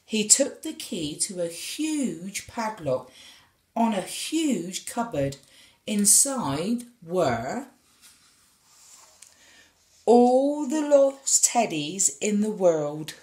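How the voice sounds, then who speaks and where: Slow, expressive woman reading a storybook. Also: mid-range voice. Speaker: storybook reader. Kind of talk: children's story read-aloud. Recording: echoey room.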